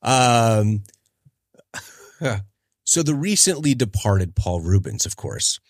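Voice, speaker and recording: A man's voice: fairly low pitch, sing-song, slow, no echo, clean studio sound. A man in his forties hosting a casual solo podcast, chatty and rambling, often trailing off while he searches for names. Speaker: podcast host.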